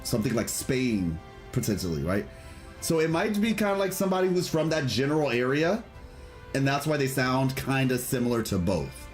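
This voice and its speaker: A man's voice: medium pitch, very animated, moderate pace, faint music behind. A man streaming a video game, chatting casually and enthusiastically with a rambling, friendly delivery while reading chat aloud. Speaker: gaming streamer.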